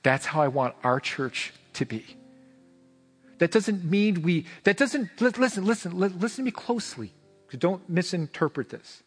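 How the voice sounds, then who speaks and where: High, lively preaching man in a hall. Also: moderate pace, slightly rough, soft background music. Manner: emphatic preaching, swinging between fervent and hushed; repeats phrases for emphasis. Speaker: pastor. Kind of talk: sermon. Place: church sanctuary.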